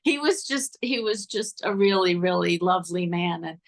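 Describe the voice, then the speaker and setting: A woman's voice: lowish voice, expressive, normal speed, gravelly. Older woman telling chatty stories. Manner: chatty storyteller, laughs often, repeats words. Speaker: guest, former cue card writer. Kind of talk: casual interview chat.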